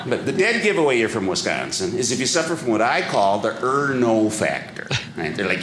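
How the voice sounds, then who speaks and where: A man performs stand-up on a club stage, landing each line slowly and punching up exaggerated accent bits. His pitch leaps wildly from low to high. The echoey room carries loud audience noise behind him. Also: big pitch swings. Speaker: stand-up comedian. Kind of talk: stand-up comedy set.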